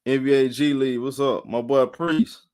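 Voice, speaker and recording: Tired live-stream sports host, rambling. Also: male voice, medium pitch, fairly even intonation, moderate pace, darkish tone, clean tone. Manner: rambling, repeats himself, greets chat viewers by name.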